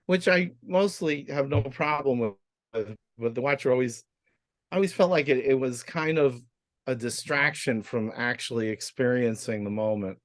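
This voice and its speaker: A man's voice: mid-range voice, normal speed, no room sound. A man asking a question in a group discussion over a video call, hesitant and self-conscious, with nervous laughs. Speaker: course participant.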